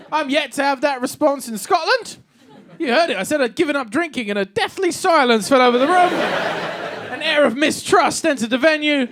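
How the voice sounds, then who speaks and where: A man's voice: very high-pitched, lively intonation, brisk, background noise. A man in his thirties performing a wry, chatty stand-up set in a comedy club, playing to the crowd. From England. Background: audience laughter.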